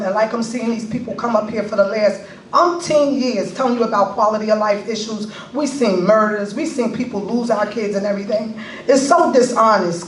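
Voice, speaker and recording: A woman speaks in a middling voice, firm and pointed as she questions the board. She is far from the mic, and the meeting room echoes around her over a faint hiss. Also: medium pitch. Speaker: community member addressing the board. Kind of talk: public comment at a board meeting. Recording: echoey room, picked up from afar.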